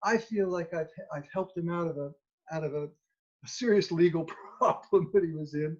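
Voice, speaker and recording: A man telling an animated anecdote as a children's musician, acting out the dialogue as he goes. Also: a little high, normal speed. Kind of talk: storytelling anecdote. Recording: dull lo-fi recording.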